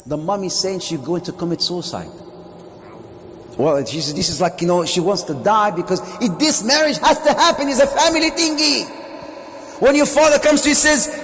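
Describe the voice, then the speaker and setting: A man, a sheikh, giving a lively mosque lecture, joking and putting questions to his audience. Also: high voice, normal speed, pauses often, slight background noise. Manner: jokey, asks the audience questions. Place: Islamic centre hall. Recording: long reverb of a hall.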